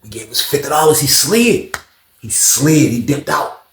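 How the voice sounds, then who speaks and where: A man's voice: medium pitch, moderate pace, vocal fry, a little hiss or hum. A young man telling a story in casual, slangy talk, acting out the voices of others. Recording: roomy echo.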